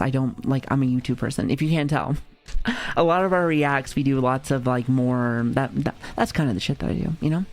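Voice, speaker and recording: Rambling, foul-mouthed male streamer. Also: medium pitch. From United States. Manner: rambling, profane, chatty, with many fillers and restarts. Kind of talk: casual livestream chat reacting to chat.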